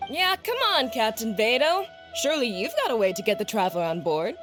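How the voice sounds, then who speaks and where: A woman's voice: fairly high pitch, animated, fairly quick, over music, natural voice. An actress playing a cheerful, eager young female sailor in a video game. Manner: upbeat and eager.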